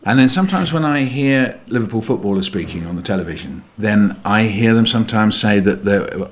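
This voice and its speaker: A man conducting a radio feature interview, asking measured, inquisitive questions. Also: fairly low pitch, lively intonation, a little hiss or hum.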